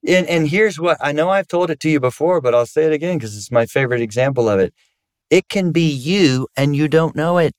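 A man's voice: expressive, a little fast, no echo, studio quality. A man, a pastor and marriage counselor, chatting casually and telling stories, acting out voices now and then. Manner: storytelling, acts out voices with sudden high pitch jumps. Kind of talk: casual podcast chat with his wife.

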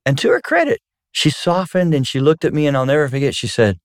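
A man's voice: big pitch swings, fast talker, no room sound, clean studio sound. A man, a pastor and marriage counselor, chatting casually and telling stories, acting out voices now and then. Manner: storytelling, acts out voices with sudden high pitch jumps. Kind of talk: casual podcast chat with his wife.

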